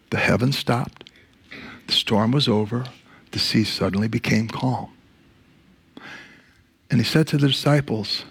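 A man's voice: gravelly, breathy edge. A man preaching a sermon, telling scripture stories and dropping his voice for the quoted lines. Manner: storytelling, acts out quotes in a lowered voice; slows down to stress key words. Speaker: pastor.

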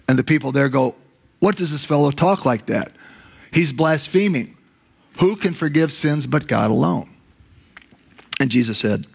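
Gravelly-voiced male preacher. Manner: storytelling, acts out quotes in a lowered voice; slows down to stress key words. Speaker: pastor. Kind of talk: sermon.

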